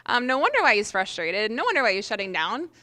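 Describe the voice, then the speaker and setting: A woman teacher presenting her group's plan to a workshop, earnest with frequent pauses. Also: a little high, big pitch swings, bright, forceful tone.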